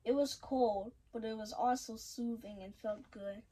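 Woman, story reader, slightly high voice, halting reading, frequent restarts. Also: fairly even intonation, dark tone, husky, poor audio. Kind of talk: reading a children's story aloud.

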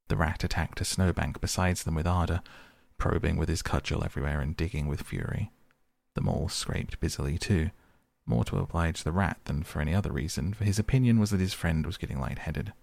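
A man reading a bedtime audiobook softly and unhurriedly. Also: a bass voice, brisk, gravelly, dry recording. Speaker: podcast audiobook reader.

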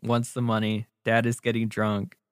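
A relaxed man co-hosting a casual podcast, laying out story ideas and laughing along with his partner. His voice sits at an ordinary middle pitch. The recording is close and dry. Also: normal speed, clear, resonant tone, no room sound. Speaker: podcast co-host. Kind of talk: casual brainstorming chat.

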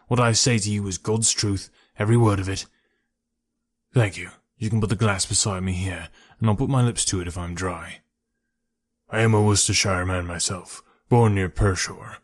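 A man plays a middle-aged ex-convict, bitter and defiant, in a storybook-like reading, his low, steady voice full of raw passion. He speaks at normal speed, close to an everyday voice, and the mood is calm.

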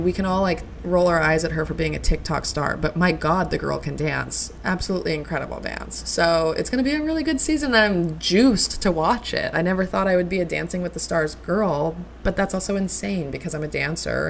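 A young woman hosts a solo podcast, gushing and chatting casually with plenty of likes and ums. Her voice is lowish and creaky, with a little hiss or hum on the recording.

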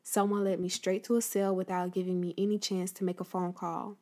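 A woman's voice: fairly low pitch, little pitch movement, brisk, a little mellow. A woman talking casually to her listeners about a piece of history, then reading a book passage aloud. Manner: addresses listeners directly, conversational. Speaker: host telling a history story.

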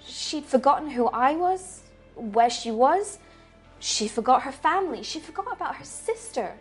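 A woman's voice: sits high, lively intonation, moderate pace, soft background music. A woman game master voicing a frightened elderly woman held in an asylum, speaking hesitantly and stammering in a tabletop role-play. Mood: worried.

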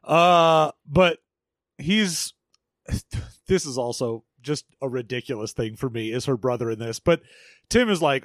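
A man's voice: mid-range voice, measured pace, no echo, clean studio sound. A man co-hosting a comedy podcast, recapping a movie in casual, joking chat with frequent swearing and laughter. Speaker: podcast co-host.

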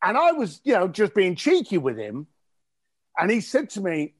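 A man from East tells stories bluntly and cheekily, swearing freely. His voice sits high, and his pitch leaps around with animated energy. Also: normal speed, husky. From East London. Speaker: interview guest. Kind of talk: casual storytelling interview.

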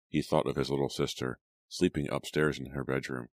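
A man with an exceptionally deep, low voice reads a dark story aloud. He keeps his narration slow, grave and measured. The sound is dry and close, with no room echo. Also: level tone. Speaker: audiobook narrator. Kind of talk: scripted dramatic narration.

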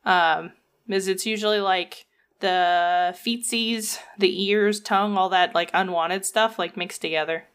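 A woman's voice: mid-range voice, fairly even intonation, measured pace, fairly bright tone, clear, resonant tone. A woman from the American South, co-hosting a casual podcast and joking wryly as she reads through her notes. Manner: wry, joking, playful. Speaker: podcast co-host. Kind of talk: casual chat, reading researched notes.

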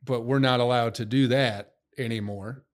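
Mid-pitched guy for a casual podcast chat, blunt, profane, strongly opinionated. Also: steady tone, moderate pace.

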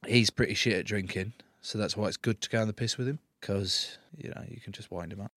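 A man in his thirties with an English accent, a rugby player being interviewed, bantering cheekily and swearing freely, loudly acting out stories. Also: lowish voice, brisk. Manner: cheeky, swears freely, loud animated re-enactments. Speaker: interview guest, rugby prop. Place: small studio.

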